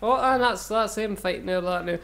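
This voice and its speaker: A man's voice: high voice, brisk, gravelly, fairly bright tone. A man hosting a casual podcast, joking, swearing and laughing with his friends. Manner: rowdy, laughing, swearing, breaks into humming tunes. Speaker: podcast host.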